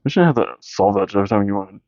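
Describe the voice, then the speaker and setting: A man with a fairly low voice co-hosting a casual podcast, throwing in quick jokes and swearing as his partner recaps a film. The sound is dry and close, with dull lo-fi quality. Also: expressive, darkish tone, no room sound. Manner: quick profane interjections and jokes. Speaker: podcast co-host. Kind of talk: casual movie chat.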